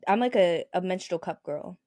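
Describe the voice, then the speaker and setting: A young adult woman co-hosting a podcast, chatting casually with relaxed, dry quips and laughter. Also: on the low side, normal speed. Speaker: podcast co-host, student. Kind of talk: casual chat.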